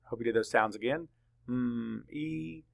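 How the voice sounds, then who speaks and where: A man's voice: mid-range voice, animated, gravelly, a bit bright. A male teacher leading a spelling lesson for young children, spelling words out letter by letter and answering his own questions. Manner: slow, deliberate, letter-by-letter dictation; asks questions and answers them himself.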